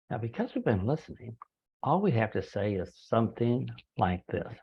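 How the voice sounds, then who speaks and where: Lively, husky-voiced male sales trainer. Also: medium pitch, normal speed, long pauses, lo-fi sound. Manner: folksy, acts out little dialogues. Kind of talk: recorded training talk.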